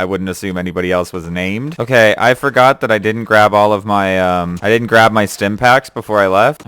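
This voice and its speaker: A man's voice: fairly low pitch, fairly bright tone, smooth, no echo. Chatty young man playing a game. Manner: chatty, laughs often, talks to the game characters. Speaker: gamer. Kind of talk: casual let's-play commentary.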